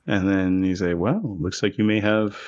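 Guy doing a french farmer dude bragging about his bread, kinda low and slow, lo-fi audio. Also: little pitch movement, a little mellow, lightly acted. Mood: boastful. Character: rural French villager man boasting of bread. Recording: lo-fi podcast audio.

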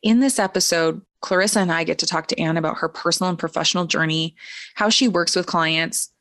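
A woman co-host reading a brisk scripted episode introduction. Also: on the low side, a bit bright, dry recording. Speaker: podcast co-host.

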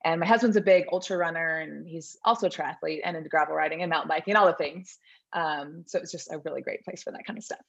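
A woman's voice: deep voice, fast talker, gravelly, slightly rough. Chatty woman on a dull remote line. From American South. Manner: chatty, laughs often, self-deprecating. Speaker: podcast guest. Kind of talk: casual interview chat.

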